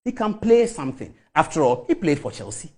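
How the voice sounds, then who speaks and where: A middle-aged man with a Ghanaian English accent delivers a fiery, impassioned public speech about football, repeating phrases for emphasis. His voice is a little high, sing-song, a little fast and a little mellow.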